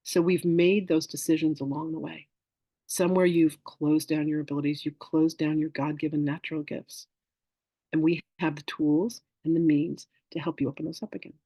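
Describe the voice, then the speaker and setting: Over a video call, a spiritual teacher leads a masterclass in a fairly high, gravelly, somewhat husky male voice. He speaks casually at a normal pace, drifting from teaching into stories and acting out the people he quotes like an animated storyteller. The rough recording sounds dry and close, with no echo.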